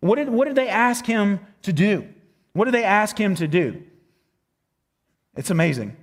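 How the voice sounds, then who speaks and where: A man's voice: high voice, animated, normal speed, big-room sound. A man preaching a sermon in a casual, conversational way, with fillers and quotes he acts out. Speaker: pastor.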